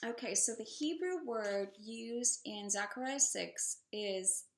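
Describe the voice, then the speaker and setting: A woman teaching on prophecy, reading scripture aloud and adding halting, filler-laden commentary in a measured way. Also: on the high side. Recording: roomy echo.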